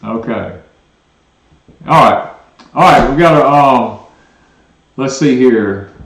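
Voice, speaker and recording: A man's voice: medium pitch, slow, vocal fry, fairly bright tone, reverberant, low-quality recording. A man with a Southern US accent co-hosting a homestead live stream, rambling casually and reading viewer comments aloud. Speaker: homestead channel co-host.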